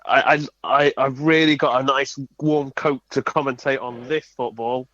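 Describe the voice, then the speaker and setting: A man's voice: medium pitch, steady tone, normal speed, a bit bright, voice pushed down, close to an everyday voice. A man doing an impression of a stammering older football commentator over an online call. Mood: cosy. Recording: dull dry online call audio.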